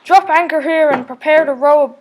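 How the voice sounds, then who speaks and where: A woman's voice: sits high, fairly quick, slight background noise, pitched above the performer's own voice. A woman voicing a father possum who captains a ship, firm and giving orders. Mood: commanding.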